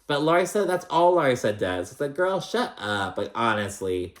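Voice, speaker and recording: A man's voice: mid-range voice, very animated, moderate pace. Sassy, profane man gossiping. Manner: chatty, profane, sassy, lots of fillers. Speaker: recap vlogger. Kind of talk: casual gossipy recap.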